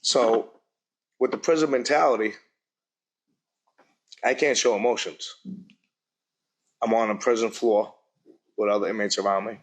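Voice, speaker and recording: Middle-aged man with a lowish voice, halting and earnest, giving personal testimony at a forum. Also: steady tone, breathy edge. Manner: plain-spoken, halting, earnest storytelling. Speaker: speaker at a public forum. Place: university event hall.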